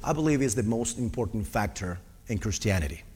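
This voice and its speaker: In a large hall, a man preaches with animated earnestness, sharing personal testimony and talking directly to the congregation. His voice is lowish, darkish and slightly rough, and he speaks a little fast.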